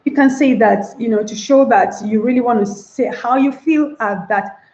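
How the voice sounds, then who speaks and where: A woman with a fairly high voice gives a spoken English lesson, acting out greeting phrases and repeating them with exaggerated tone. The recording sounds dull and lo-fi. Her voice rings in an echoey room. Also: moderate pace, a little mellow. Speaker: English teacher.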